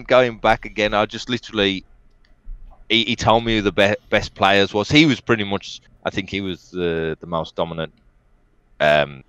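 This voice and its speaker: A man, an esports player, telling lively stories as an interview guest and laughing now and then. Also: low voice, smooth, no room sound, muffled recording. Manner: animated anecdotes, laughs often, quotes others. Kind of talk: casual storytelling.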